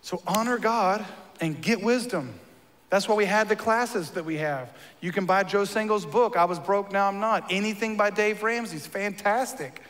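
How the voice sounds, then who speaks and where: A man's voice: sits high, moderate pace, a bit bright. A man preaching a sermon as a pastor, conversational and joking, with emphatic lines. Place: church. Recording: long reverb of a church hall.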